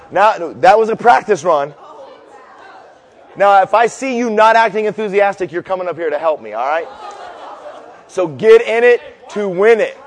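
A pastor with a voice that sits high preaches at normal speed but pauses often, before a live audience in a large hall. The recording has long hall reverb, and he tells jokey, animated stories and leads a cheer.

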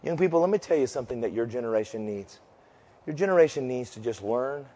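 A man preaching a sermon as pastor, telling stories loudly, shouting punchlines, then dropping low and slow to make his point. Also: expressive, in a large hall, slight background noise. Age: 50s.

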